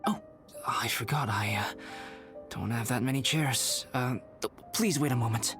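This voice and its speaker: A man voicing a calm, polite young alchemist in a video game, soft-spoken and measured. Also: medium pitch, over music, natural voice. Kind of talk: game voice acting.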